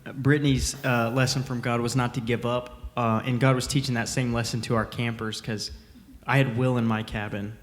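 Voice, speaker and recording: A man's voice: medium pitch, little pitch movement, normal speed, a little hiss or hum. Man recounting a camp night, off-mic. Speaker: cabin parent. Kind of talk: personal testimony, casual. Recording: reverberant room, voice off-mic.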